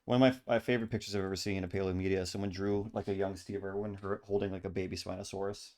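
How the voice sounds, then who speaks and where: A man co-hosting a live art stream, chatting casually and excitably, often laughing and saying dude. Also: low voice, fast. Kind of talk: casual chat.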